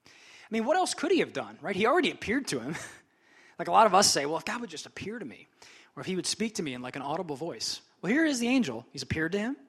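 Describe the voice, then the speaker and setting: Young guy pastor preaching, laid-back and talky, kinda high voice. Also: wildly swooping pitch, fast, a bit bright, slightly rough. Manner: casual, conversational preaching with frequent asides. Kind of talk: sermon.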